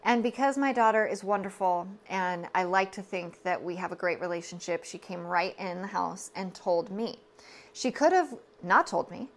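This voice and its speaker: A woman's voice: on the low side, expressive, normal speed. A woman, telling a personal story on her podcast in an earnest, confiding way, full of asides and self-corrections. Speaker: podcast host.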